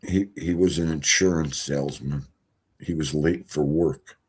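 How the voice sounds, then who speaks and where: A middle-aged man telling stories casually on a livestream, animated, swinging from loud exclamations to quiet mutters. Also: a bass voice, measured pace, slightly rough. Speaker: streamer.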